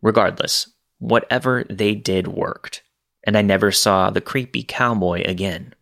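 A man reading scary true stories aloud in a measured, steady storytelling delivery. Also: on the low side, vocal fry. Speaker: narrator.

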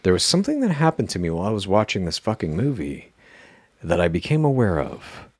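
A man's voice: deep voice, huge pitch swings, brisk, husky, no room sound. Ranting, swearing podcast co-host man. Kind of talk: casual comedy chat.

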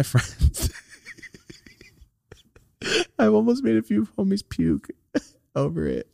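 Animated, foul-mouthed man on a podcast. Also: lowish voice, dry recording, clean studio sound. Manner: animated, swearing, acts out quotes in loud voices. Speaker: podcast co-host. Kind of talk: casual podcast chat.

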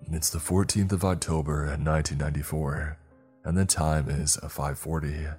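A cold, menacing teen experimenter, as a male narrator puts him on, speaking in a slow, detached drawl for a horror story. The voice is very deep and husky. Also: steady tone, a little mellow, soft background music.

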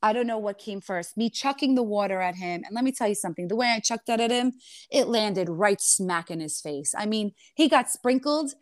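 A woman in her forties, a reality TV guest telling her side in an animated interview, emphatic and indignant with quick retorts. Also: a little high, dry recording, studio quality.

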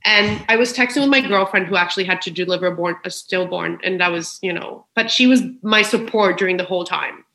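A woman's voice: lowish voice, brisk, hardly any pauses, pushed and bright. A woman speaking as a podcast guest in a frank, emotional, personal conversation, swearing freely. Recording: roomy echo.

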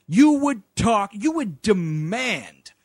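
Male co-host, high and lively, jokey, dry close mic. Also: takes it slowly, dry recording. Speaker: podcast co-host. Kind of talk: casual comedic movie recap.

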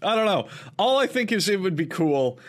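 A man's voice: high voice, big pitch swings, normal speed, fairly bright tone. A man co-hosting a podcast, riffing in casual banter and acting out silly voices in his stories. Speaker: podcast co-host.

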